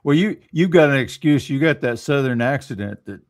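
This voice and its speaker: A man's voice: mid-range voice, expressive, a little fast. Easygoing male talk-show host. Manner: easygoing, frequent agreeing interjections. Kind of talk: casual political chat.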